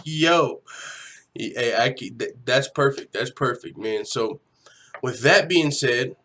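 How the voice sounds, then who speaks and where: A man's voice: medium pitch, lively intonation, moderate pace, bright, forceful tone, slight background noise. A young man hosting a casual livestream from home, talking loosely, swearing freely and reading viewers' chat aloud. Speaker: livestream host.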